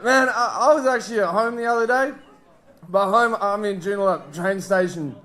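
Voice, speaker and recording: A man's voice: sits high, normal speed, fairly bright tone. A young Australian man doing a loose, crude stand-up set, often laughing at his own jokes. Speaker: stand-up comedian. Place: live comedy club stage.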